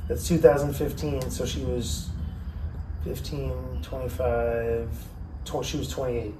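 A man's voice: mid-range voice, measured pace. A man, telling a long story on a podcast in a loose, profane way and acting out other people's lines. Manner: profane, animated storyteller who acts out quotes. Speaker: podcast host. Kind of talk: casual storytelling. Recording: roomy, distant mic with faint noise.

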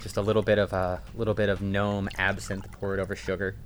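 A man with a fairly low voice narrates a tabletop game as game master. His talk is casual and rambling, with faint hiss behind him. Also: little pitch movement, fairly quick.

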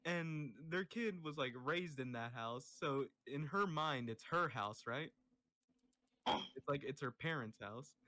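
Young male co-host, bright forceful tone, dry close sound, halting casual talk. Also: a little high, no room sound. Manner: hesitant, full of "uh" and "you know". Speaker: podcast co-host. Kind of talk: casual chat among friends.

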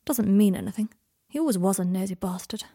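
A woman's voice: medium pitch, animated, quick pace, dark tone, slightly rough. A woman voicing a proud, guarded young man in an audiobook, clipped and prickly in manner. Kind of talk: audiobook character voice.

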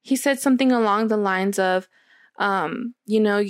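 A young woman casually telling a long personal story, acting out what was said with lively quoting. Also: medium pitch, brisk, smooth, no echo, clean studio sound. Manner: animated storytelling, acts out quotes. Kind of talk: casual chat.

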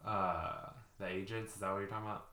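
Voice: low-pitched, fairly even intonation, fast, sharp tone. A playful podcast co-host in a casual chat, joking around and swearing freely. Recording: roomy echo.

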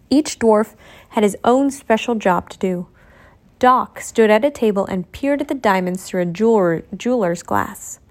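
A woman narrating a children's storybook in a clear, steady way. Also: mid-range voice.

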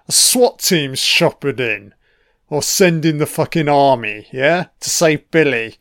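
A man's voice: a little high, expressive, unhurried, fairly bright tone, no room sound, studio quality. A man giving casual, sweary film commentary, sardonic and mocking.

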